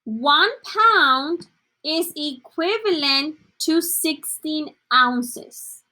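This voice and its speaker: Slow, bright-voiced woman teaching a class. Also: sits high, animated. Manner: encouraging, praising students by name; slips between English and Spanish. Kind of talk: online class lesson.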